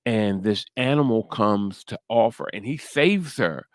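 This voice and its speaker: A man co-hosting a casual podcast about a TV series, animated and given to stammered restarts. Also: measured pace, no echo, clean studio sound. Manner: animated, often slips into high-pitched quoted voices; stammers and restarts when excited. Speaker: podcast co-host. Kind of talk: casual chat reviewing a TV series.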